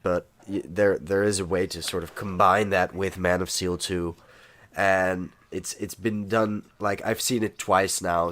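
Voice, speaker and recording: A deep-voiced man with a cold chats on a podcast, rambling and often restarting. His voice is rough and recorded close and dry, with no room sound. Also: no echo. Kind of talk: casual chat.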